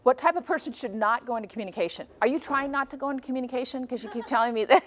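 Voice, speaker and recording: A woman in her forties, a guest speaker talking to a high school class in a classroom. She tells stories lively and acts out the dialogue. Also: fast talker. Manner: animated storyteller, acts out dialogue.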